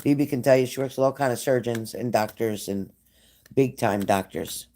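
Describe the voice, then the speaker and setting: This is a warm, mid-range male voice at normal speed. Sitting indoors at home by a glass sliding door, the psychic tarot reader livestreams a casual reading, talking straight to a viewer and breaking away for chatty side remarks.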